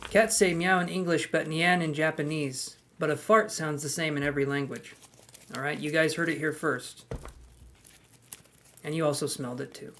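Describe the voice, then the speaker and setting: A man's voice: on the high side, steady tone, normal speed, pushed and bright, slight background noise. A man hosting a live tarot stream in casual chat, greeting viewers by name, handing out queue numbers and cracking jokes.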